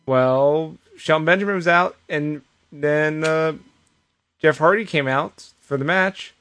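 A man's voice: on the high side, slow, a bit bright. A man co-hosting a podcast, recapping wrestling shows in casual chat and storytelling with quoted asides and frequent restarts. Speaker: podcast co-host.

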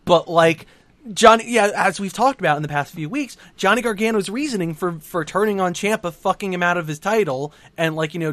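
High-voiced, animated, swearing man. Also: brisk, no room sound. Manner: animated, profane storytelling. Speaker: podcast co-host recapping wrestling. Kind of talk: casual chat.

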